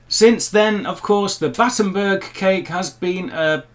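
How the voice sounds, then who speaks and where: A man with a fairly high voice talks casually to camera in a vlog. He is chatty and upbeat and throws in playful asides. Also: expressive, moderate pace, few pauses, a little hiss or hum. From England. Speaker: vlogger.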